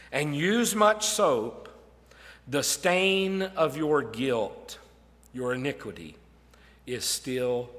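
A man preaching a sermon earnestly, rising for emphasis and then dropping soft and low. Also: long reverb tail.

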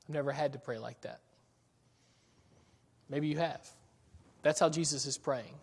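A man preaching a sermon in an earnest way, pausing often and repeating words as he builds a point. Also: on the high side, creaky, slightly rough, big-room sound.

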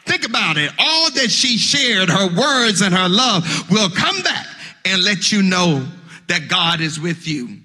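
A high, piercingly bright male pastor preaches a funeral sermon in a church sanctuary. His rhythmic delivery swells into shouted, half-sung cadences, and he repeats words as he starts his phrases. His voice rings with long hall reverb. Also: very animated, measured pace.

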